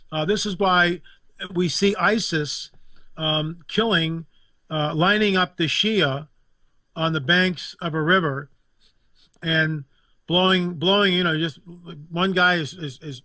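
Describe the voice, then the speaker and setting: An indignant man holds forth as a guest commentator, hammering points home with repetition. His voice sits a little high and comes across bright and forceful. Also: no room sound. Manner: emphatic, indignant, repeats phrases for effect. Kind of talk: impassioned political talk.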